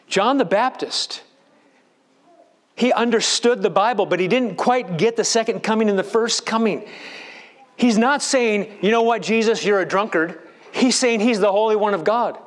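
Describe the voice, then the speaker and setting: A man preaching a sermon as a pastor, with emphatic delivery that rises and drops in volume. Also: sits high.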